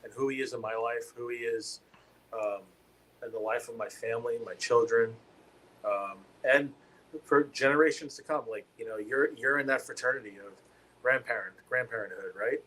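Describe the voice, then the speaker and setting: A man's voice: mid-range voice, moderate pace, a bit bright, poor audio. A middle-aged man co-hosting a church podcast, talking in a rambling way with many fillers and restarts. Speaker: podcast co-host. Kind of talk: casual church podcast chat.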